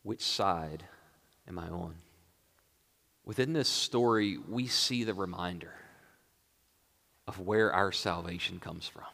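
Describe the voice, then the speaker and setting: A male pastor preaching a sermon, moving between hushed, quiet lines and raised, emphatic passages. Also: low-pitched, takes it slowly, vocal fry, long pauses, big-room sound.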